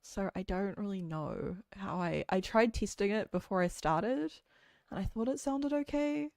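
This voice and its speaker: A woman's voice: medium pitch, unhurried, vocal fry, darkish tone, dry recording, clean studio sound. A woman, chatting casually on a livestream in a rambling way, full of filler words. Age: late 20s. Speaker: VTuber streamer. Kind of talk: casual chat stream.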